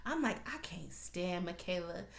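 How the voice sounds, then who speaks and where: A woman recapping a TV episode for her viewers in a blunt, animated, profane rant. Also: lowish voice, measured pace, creaky, reverberant. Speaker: TV recap vlogger.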